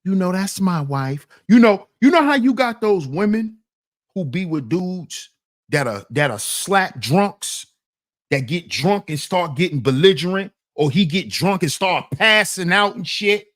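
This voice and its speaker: A man's voice: high-pitched, animated, a little slow, a bit bright. A man hosting a commentary channel, talking in a casual, slang-heavy, emphatic way.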